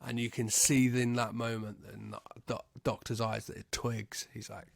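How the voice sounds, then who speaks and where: A man hosting a podcast, casually recapping a film's plot in a halting way, swearing and acting out the characters' lines. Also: mid-range voice, level tone, creaky, no echo, clean studio sound. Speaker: podcast host.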